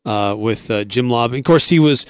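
A man's voice: medium pitch, moderate pace, clean tone, dry recording, studio quality. A male sports radio host talking casually and unhurriedly, with many filler words.

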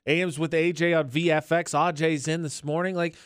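Man, radio host, casual studio banter, slightly high voice, dry close mic. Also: brisk, smooth, no room sound. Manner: storytelling, laughs often, animated. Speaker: radio morning show host. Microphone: studio microphone.

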